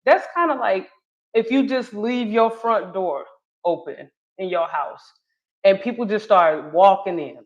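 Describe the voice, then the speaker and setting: A woman's voice: medium pitch, unhurried. Chatty Southern woman on a live stream. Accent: Southern US, North Carolina. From Charlotte, North Carolina. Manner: chatty, laughing often, correcting herself mid-thought. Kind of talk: casual live-stream commentary. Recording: slightly dull lo-fi audio.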